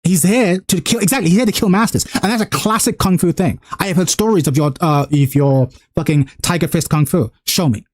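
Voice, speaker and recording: Male streamer, casual reaction talk, excitable, profane. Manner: excited, profane, talks fast and gets louder and higher when hyped.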